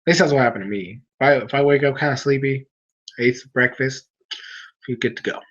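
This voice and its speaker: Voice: medium pitch, fast, fairly bright tone, highs cut off. A streamer talking casually with viewers late at night, sleepy and yawning, rambling along with frequent restarts.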